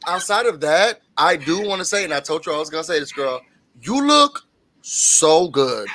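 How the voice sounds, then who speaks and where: Southern male co-host, quick and animated, lively pitch that sits a bit high, video-call sound. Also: slight background noise. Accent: Southern American. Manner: animated, quick talker, laughs often. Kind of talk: casual chat.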